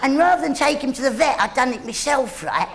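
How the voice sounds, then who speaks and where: High-voiced stand-up comic. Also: male voice, animated, a little fast, heavy background noise. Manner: rambling, teasing the audience. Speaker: comedian. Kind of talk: live stand-up comedy. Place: theatre stage. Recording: live theatre, loud crowd laughter.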